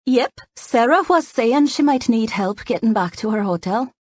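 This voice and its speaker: A woman putting on a high, teasing married woman. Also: animated, moderate pace, no echo, studio quality. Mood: sly. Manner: teasing, insistent. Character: friendly nosy married woman, playful.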